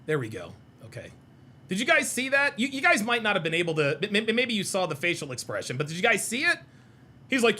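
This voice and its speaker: A man's voice: sits high, wildly swooping pitch, quick pace, bright, forceful tone, breathy edge. A man giving casual, profane reaction commentary while playing clips, mocking what he hears. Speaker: reaction streamer.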